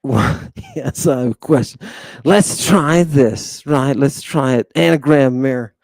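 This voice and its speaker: A man hosting a playful livestream lesson, hamming it up as he calls out to his viewers. He talks at an unhurried, drawn-out pace in a mid-range voice. The sound is dry and close, with no room around it. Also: mid-range voice, gravelly, darkish tone, dry recording. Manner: theatrical, joking, addresses viewers as people. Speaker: online language teacher.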